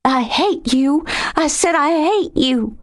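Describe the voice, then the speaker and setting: A high, sharp-tongued young woman full of pride and temper, as a woman narrator puts her on. Her voice leaps upward and snaps with indignation in this audiobook scene. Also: expressive, slow. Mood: indignant. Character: fiery proud young woman.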